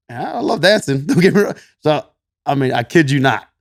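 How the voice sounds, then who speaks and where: A man's voice: a little high, fast, vocal fry, no room sound. Texan guy on a podcast, easygoing storyteller, laughs a lot, dry close mic. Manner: laughs often, swears, quotes himself in animated voices. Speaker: podcast guest, gym coach. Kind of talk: casual storytelling.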